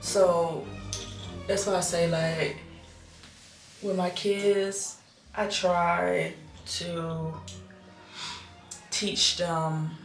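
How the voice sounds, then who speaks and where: A woman in her thirties talks slowly and earnestly about raising her kids, thinking aloud and repeating herself as she goes. Her voice sits a bit low. She sounds roomy and echoey, with faint music playing behind her. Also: little pitch movement, gravelly. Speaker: vlogger and mother. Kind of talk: casual reflective talk to camera.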